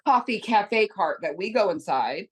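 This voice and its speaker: A woman with a middle-range voice explains her work as a guest in a relaxed interview. She sounds eager and keeps the explanation flowing. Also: mid-range voice, measured pace, husky. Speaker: co-founder, guest. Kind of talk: casual interview chat.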